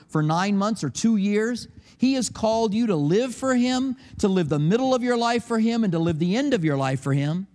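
A man's voice: high voice, expressive, moderate pace, darkish tone. A middle-aged man, a pastor, giving a sermon in a church service in a conversational, storytelling way with acted quotes.

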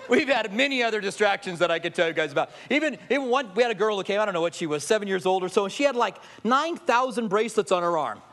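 This pastor's voice sits high, and he talks fast with hardly any pauses. His sermon is built on funny stories and jokes, with quotes he acts out in a lively way.

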